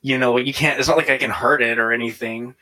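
A man's voice: medium pitch, fast talker, poor audio. A man recounting a personal faith story in casual conversation, often quoting himself. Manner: animated storyteller, quotes himself in lively voices. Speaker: guest telling his conversion story.

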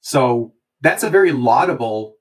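A male host asking calm follow-up questions in an interview. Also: medium pitch, a little slow, slightly rough.

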